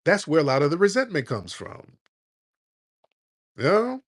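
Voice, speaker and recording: A man's voice: a little high, moderate pace, pauses often. A man hosting a live audio chat, ranting bluntly and profanely. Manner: blunt, profane, animated rant. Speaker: host.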